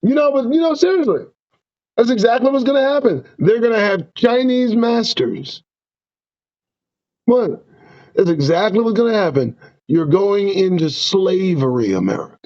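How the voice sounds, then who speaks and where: A man hosting a streamed talk show, preaching in a fiery, profane rant. His voice sits high and swoops widely up and down. The sound is dull and lo-fi. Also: moderate pace. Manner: profane, preaching, lively ups and downs. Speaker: show host. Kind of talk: impassioned ranting commentary.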